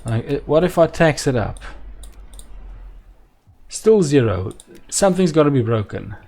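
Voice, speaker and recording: Speaking at a measured pace in a mellow, mid-range, sing-song voice, this man hosts a gameplay video of his strategy game session. Addressing both himself and viewers, he grows exasperated, repeatedly wondering aloud why nothing works.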